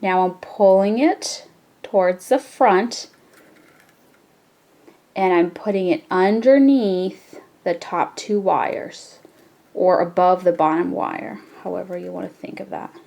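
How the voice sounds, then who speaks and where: A woman hosting a jewelry-making tutorial, explaining each step in a relaxed, chatty way with frequent fillers. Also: lowish voice, slow pace, vocal fry. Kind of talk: casual step-by-step craft tutorial.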